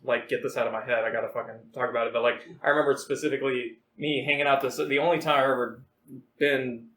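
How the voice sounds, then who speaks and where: A man's voice: mid-range voice, steady tone, fast, fairly bright tone, recorded from a distance. A young man in his twenties rambles through a drunken memory, swearing and laughing. He sits a bit back from the mic, and his voice sounds roomy and echoey. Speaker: podcast co-host. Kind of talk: casual chat.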